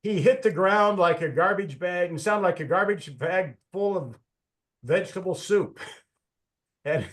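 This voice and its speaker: A man's voice: high voice, unhurried, fairly bright tone. A man giving a chatty speaking-club lesson on humor over a video call, telling stories with lots of restarts and self-corrections.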